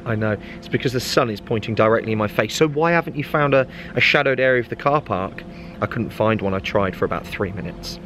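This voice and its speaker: A man's voice: medium pitch, quick pace, a bit bright. A man, a fitness vlogger, chatting casually and jokingly to his handheld phone camera, bantering with himself in a car park and supermarket. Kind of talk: casual vlog chat. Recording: noisy outdoor traffic ambience.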